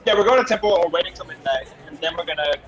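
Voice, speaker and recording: A man's voice: fairly high pitch, animated, racing, a bit bright, lo-fi sound, a faint crowd. A young man playing a tabletop game, rambling casually with lots of fillers. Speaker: player.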